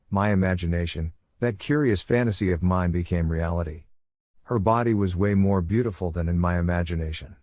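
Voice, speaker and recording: A man narrating a first-person horror story in a measured, brooding way. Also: deep voice, darkish tone, no room sound, clean studio sound.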